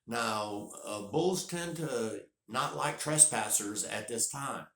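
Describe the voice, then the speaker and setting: A man's voice: medium pitch, slow pace, echoey room. Folksy man telling a story. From North Carolina. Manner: folksy, rambling, repeats words when excited. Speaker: vlogger. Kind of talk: casual storytelling.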